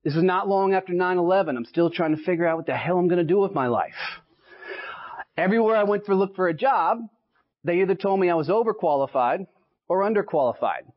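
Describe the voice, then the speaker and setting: A man's voice: high voice, expressive, fast talker. Punchy Texan man giving a speech. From Texas. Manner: punchy storytelling, keeps checking in with "right?". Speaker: sales speaker. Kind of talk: motivational speech to a live audience. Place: association meeting in front of an audience. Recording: dull lo-fi live speech recording.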